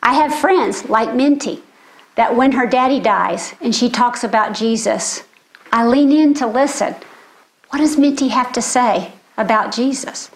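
A woman's voice: fairly high pitch, measured pace. Earnest older woman preaching a sermon. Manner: earnest, storytelling. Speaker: speaker.

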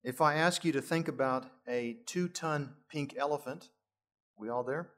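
A man's voice: a little high, moderate pace, creaky, a bit bright, a little hiss or hum. A middle-aged male pastor preaching a sermon, lifting his voice for emphasis and adding chuckling asides.

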